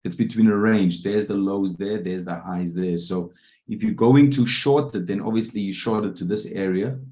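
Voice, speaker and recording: A man coaching a live online trading room, often pausing to ask whether his listeners are following. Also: fairly low pitch, dark tone. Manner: keeps checking in with listeners. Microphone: video call.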